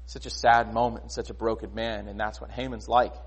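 A man preaching a sermon in a conversational, animated way, often asking rhetorical questions. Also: fairly low pitch, brisk, breathy edge. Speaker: pastor.

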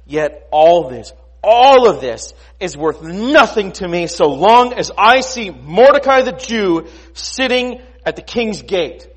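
A man's voice: high-pitched, animated, slow pace, few pauses, slightly rough, pitched above the performer's own voice, exaggerated voice. A man voicing a proud, spiteful royal official, speaking in an emphatic, gloating way. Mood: bitter.

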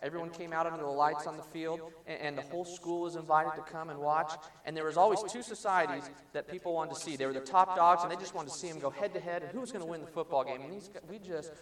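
A man with a fairly high voice preaches, telling the story casually with many ums and restarts. He sounds set back from the microphone in a roomy, echoing space. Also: fast talker, hardly any pauses, fairly bright tone. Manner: conversational storytelling with fillers and restarts. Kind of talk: sermon. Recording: roomy, mic at a distance.

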